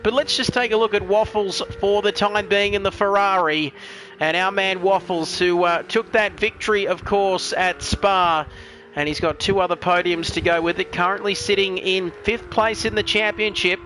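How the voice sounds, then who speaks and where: A man's voice: sits high, fairly even intonation, moderate pace, bright, forceful tone. A man commentating a sim race, chatty and joking while reading out viewer messages. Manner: chatty, joking, reads chat messages aloud.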